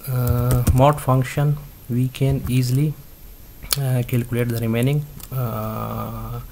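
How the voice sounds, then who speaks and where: Slow, halting man teaching a coding lesson. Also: mid-range voice, level tone, creaky, mellow, a little hiss or hum. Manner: halting, many fillers and restarts. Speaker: instructor. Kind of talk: screen-recorded coding tutorial.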